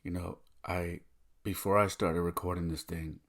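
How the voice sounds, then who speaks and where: A man with a husky, rough-edged voice speaks as a podcast host. He tells a personal story in an earnest, heartfelt way, thinking aloud as he goes. His voice sits fairly low. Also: level tone, normal speed, fairly bright tone.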